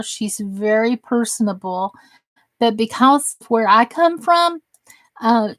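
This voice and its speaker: A fairly high-pitched woman's voice, with no echo, comes from a crafting livestream host from the Southern United States. She has a Southern accent and keeps things folksy and chatty, reading comments aloud and making fun of herself.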